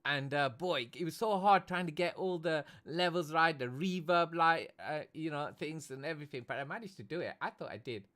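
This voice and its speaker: A man's voice: on the high side, normal speed, hardly any pauses, a bit bright. A man from Britain hosting a casual live stream, chatty and tagging "okay?" onto nearly every phrase. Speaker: livestream host and esports commentator.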